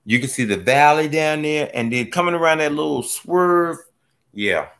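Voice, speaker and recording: A man hosting a gardening live stream, chatting casually as he reads viewer comments, joking and laughing, his voice swooping from low mutters up to high squeals. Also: animated, moderate pace, a bit bright. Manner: playful, laughs often. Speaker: gardening livestream host.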